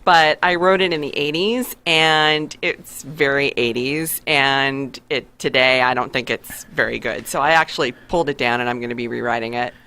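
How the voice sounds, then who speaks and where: A woman's voice: rumbling low, steady tone, normal speed, hardly any pauses, sharp tone. A woman author talking as a guest on a radio show, candid and a little self-deprecating, wandering from topic to topic. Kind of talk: casual radio interview.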